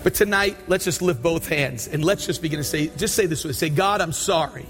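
A pastor preaching a sermon and leading an altar call prayer, pleading and repetitive, building to shouted prayer. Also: male voice, a little high, a little fast, few pauses, music in the background, a crowd in the background.

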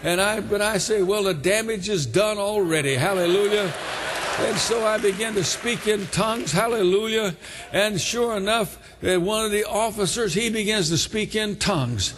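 A man's voice: sits high, moderate pace, fairly bright tone, long reverb tail, slight background noise. A man preaching a testimony sermon, telling his story fervently and breaking in with hallelujahs. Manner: fervent, exclaims hallelujah between lines.

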